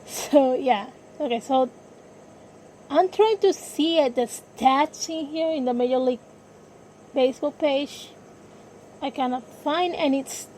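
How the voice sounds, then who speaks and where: Female podcast host, high voice, unhurried, hesitant, self-correcting, faint background noise. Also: a little mellow, low-quality recording. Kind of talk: casual sports podcast talk.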